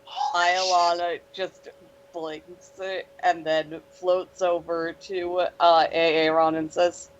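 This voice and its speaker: A woman playing a tabletop game who narrates her character in a slow, expressive way. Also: lowish voice. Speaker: player. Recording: dull lo-fi stream audio.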